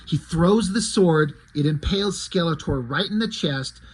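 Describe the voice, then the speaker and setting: Husky man casually retelling a story. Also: on the high side, expressive, a little slow. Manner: conversational, with fillers. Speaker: storyteller retelling his own comic.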